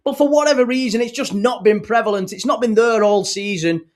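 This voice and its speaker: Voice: mid-range voice, a little fast, a little mellow. A football fan talking through the match result in an upbeat, chatty way. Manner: exuberant, then chatty. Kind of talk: excited fan reaction.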